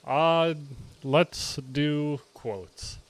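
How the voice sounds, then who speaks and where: A man's voice: a little high, drawn-out words, crowd noise. A man co-hosting a podcast in casual chat, laid-back and teasing. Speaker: podcast co-host.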